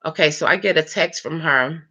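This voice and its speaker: A woman of about fifty chatting late at night, telling a long story time in an animated, rambling way with lots of fillers. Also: sits low, moderate pace, husky. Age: 50s. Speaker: vlogger.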